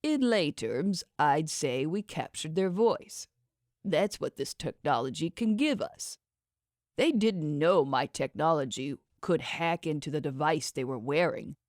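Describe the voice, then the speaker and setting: A woman voicing a smooth, condescending male schemer who talks others into his plans. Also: low voice, expressive, unhurried, a little mellow, no room sound, clean studio sound. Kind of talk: audiobook character voice.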